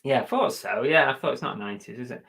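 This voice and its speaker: A chatty man with a London accent and a bright, forceful tone. He hosts a casual live stream, teasing and joking as he goes. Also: mid-range voice, quick pace, creaky. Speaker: reseller vlog host.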